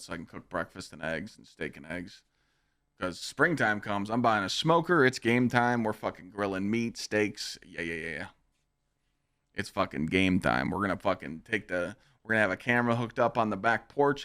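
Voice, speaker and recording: A young man hosts a casual livestreamed podcast on a streaming microphone, delivering a blunt, profane, boastful pep talk that rambles. His fairly low voice is a bit bright, clear, and resonant. The studio-quality recording is dry.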